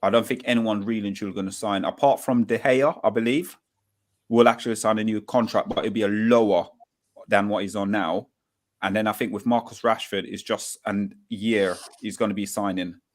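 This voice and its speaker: A man co-hosting a football chat talks in a low voice, hedging each point and thinking aloud as he goes. His delivery is loose and conversational. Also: fairly even intonation, a little fast. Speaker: podcast co-host. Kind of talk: casual football podcast chat.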